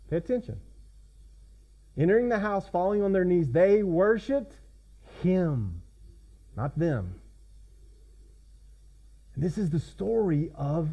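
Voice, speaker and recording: A man with a slightly high voice preaches to his congregation, talking in a conversational way and checking in with questions. The recording is a little dull and lo-fi. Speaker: pastor. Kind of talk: sermon.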